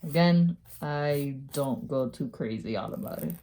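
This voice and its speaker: A woman talking through a casual nail-care tutorial, chatty and quick to laugh at herself. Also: extremely low pitch, animated, warm tone. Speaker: beauty vlogger.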